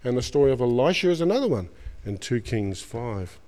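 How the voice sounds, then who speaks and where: A man's voice: mid-range voice, very animated, brisk, mellow, in a large hall. A man with an Australian accent preaching a sermon, retelling stories in colloquial slang and acting out the characters. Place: church.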